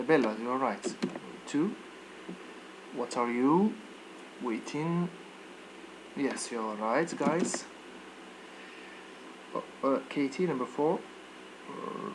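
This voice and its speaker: A man's voice: mid-range voice, background noise. A man teaching a live online English lesson, checking students' answers by name and modeling pronunciation.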